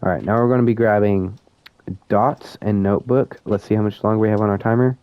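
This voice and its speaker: A man's voice: fairly low pitch, fairly even intonation, fairly quick, clear, resonant tone, no room sound. A young man giving casual commentary on a horror game, nervous and self-mocking as he talks to his viewers. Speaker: student gamer. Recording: dull lo-fi sound.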